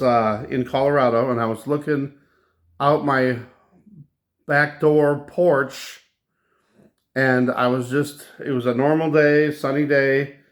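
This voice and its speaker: A man hosting his own channel, recounting a dream in a slow, halting casual monologue with many restarts. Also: mid-range voice. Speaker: channel host.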